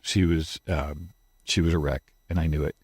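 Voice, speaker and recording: A man with a very deep, low voice tells a painful story from his own life as an interview guest. He speaks haltingly and slips into quoting what he said at the time. The sound is close and dry, with no room around it. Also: steady tone, a little mellow, husky, dry recording. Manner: halting, retells his own words in quotes. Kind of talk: emotional personal storytelling.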